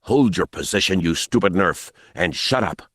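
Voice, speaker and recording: A man voicing an exhausted, desperate militia leader who talks in a ragged, gruff voice. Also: fairly low pitch, sing-song, normal speed, dry recording, studio quality, pitched above the performer's own voice. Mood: snarling. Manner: gruff and snarling.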